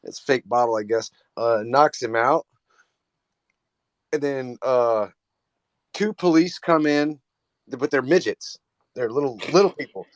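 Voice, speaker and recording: A man's voice: medium pitch, measured pace, long pauses, dry recording. Laughing man telling crude stories. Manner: laughing storyteller, crude jokes. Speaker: livestream host. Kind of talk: casual chat.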